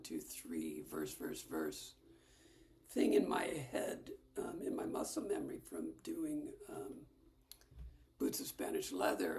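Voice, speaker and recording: A woman leading a casual ukulele lesson, explaining chords in a soft, half-whispered way. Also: very deep voice, creaky, a little hiss or hum. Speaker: ukulele teacher. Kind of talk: casual music lesson with singing.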